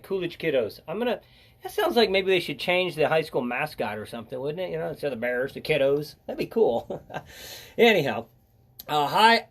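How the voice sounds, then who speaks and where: An older man hosting a casual live educational stream, chatty and joking as he greets viewers by name. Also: sits high.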